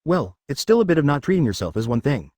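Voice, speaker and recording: Male narrator for a web novel, rapid and rambling delivery, very dry close sound. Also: a little high, very animated, darkish tone, dry recording.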